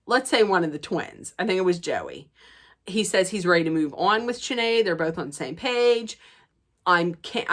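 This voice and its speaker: Chatty woman recapping gossip, lowish voice. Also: a bit bright. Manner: gossipy, chatty retelling that acts out quoted dialogue. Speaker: reality TV recap vlogger. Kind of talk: casual chat.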